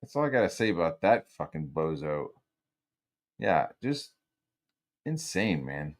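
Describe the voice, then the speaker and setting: A man streaming casual commentary, rambling and profane, swinging between loud rants and low mutters. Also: big pitch swings, unhurried.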